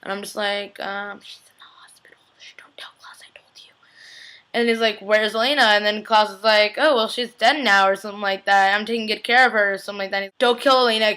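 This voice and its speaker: A young woman recapping a TV episode in a casual, excitable, chatty way, full of "like" and acted-out reactions. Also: medium pitch.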